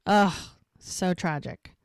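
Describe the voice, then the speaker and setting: A woman's voice: lowish voice, slow pace, gravelly, clear, resonant tone, no echo, clean studio sound. A woman co-hosting a podcast, recapping a TV episode in detail in a casual way. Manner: retells scenes in detail, acting out quoted lines. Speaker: podcast co-host.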